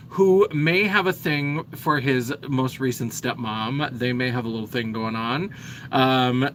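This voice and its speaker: A man hosting a relaxed livestream, chatting in a rambling, self-deprecating way. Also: mid-range voice, a little hiss or hum. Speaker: livestream host. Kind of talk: casual livestream chat.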